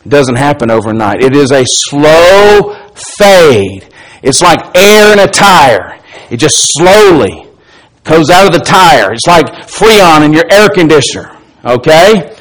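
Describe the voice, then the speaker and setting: Preaching man with a high-set voice. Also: sing-song, takes it slowly, low-quality recording. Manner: preaching with wide swings between soft low asides and raised emphatic lines; reads scripture aloud and retells dialogue in character. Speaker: pastor. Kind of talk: sermon.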